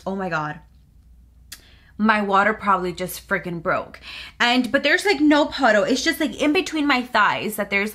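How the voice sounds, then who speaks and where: Bright-voiced chatty young woman. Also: fairly high pitch. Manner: chatty, animated retelling with quoted dialogue. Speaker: vlogger. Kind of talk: storytime vlog.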